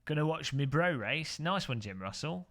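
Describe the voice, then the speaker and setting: A man's voice: a little high, expressive, moderate pace, a bit bright. A man from England, chatting casually on a sim racing live stream, rambling and joking as he corrects himself.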